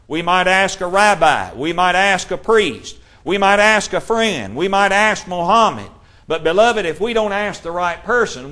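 A man preaching a sermon, reading scripture passages aloud in a measured way. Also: high-pitched, a bit bright.

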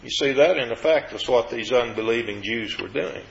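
A man preaching a sermon, earnest and explanatory, rising in pitch as he quotes scripture. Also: normal speed, gravelly, reverberant, muffled recording.

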